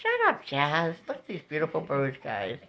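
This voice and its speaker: A woman vlogs from home with a phone camera, narrating the view out a window to viewers she calls "guys." She's animated, cooing and exclaiming in a casual home-video style. Her voice is deep, and her speed is normal.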